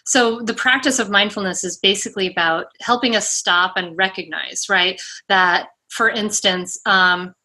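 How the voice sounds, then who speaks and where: A woman's voice: mid-range voice, moderate pace, few pauses, bright, forceful tone. A woman guest explaining mindful parenting in a casual interview, chatty and full of fillers, giving examples as she talks.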